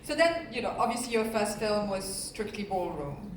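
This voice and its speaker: A woman moderates an on-stage festival conversation, firing off brisk questions and bantering with the crowd. She is picked up from a distance in an echoey room. Steady background noise runs under her voice. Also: mid-range voice. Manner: brisk, playful questions to the audience. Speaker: interviewer, moderator. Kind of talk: on-stage interview.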